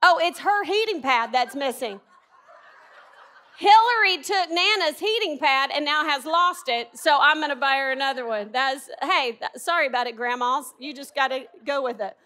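A woman's voice: high voice, moderate pace, sharp tone. A middle-aged woman preaching a sermon in a conversational, humorous and emphatic way.

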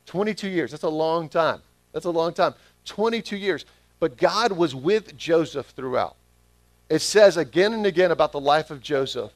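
Man, pastor, sermon, repeats key phrases, slightly high voice, dry sound. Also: dry recording.

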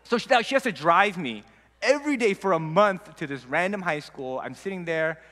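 A young man telling a casual personal story, animated and acting out the people in it. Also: sits high, normal speed. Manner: animated, acts out quoted dialogue. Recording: long reverb.

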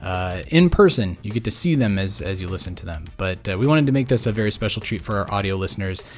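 A man's voice: lowish voice, expressive. Weary, rambling man hosting a podcast. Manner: rambling, halting, many fillers and restarts; mumbling. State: burned out, exhausted. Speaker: podcast host. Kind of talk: casual podcast sign-off.

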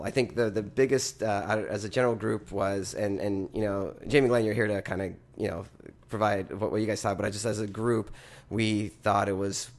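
Rambling, halting male podcast host. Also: fairly low pitch. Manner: rambling, halting, self-deprecating. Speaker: podcast host running a blind tasting. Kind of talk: casual chat.

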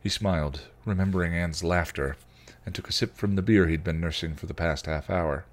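Podcast host, male, very deep voice, expressive read-aloud narration. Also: fairly quick. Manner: expressive storytelling. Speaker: podcast host reading a story. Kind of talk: reading fan fiction aloud.

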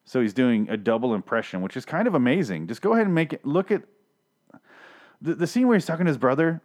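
A man's voice: mid-range voice, very animated, fast talker, a little mellow. Profane, rambling man recapping a show. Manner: profane, rambling, sarcastic, with frequent restarts. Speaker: TV show reviewer. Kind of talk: casual solo recap rant.

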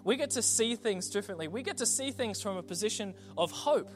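A man's voice: high-pitched, expressive, fairly quick, faint music behind. A man preaching a sermon, conversational and building to rhetorical refrains. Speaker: pastor.

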